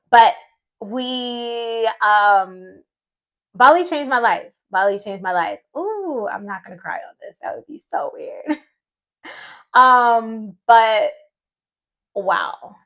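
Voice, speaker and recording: A U.S. woman in her thirties who vlogs and hosts retreats tells a personal story, her medium-pitched voice a bit bright, though the highs are cut off. It's a casual vlog, delivered in a chatty, heartfelt manner, with moments where she voices her earlier thoughts.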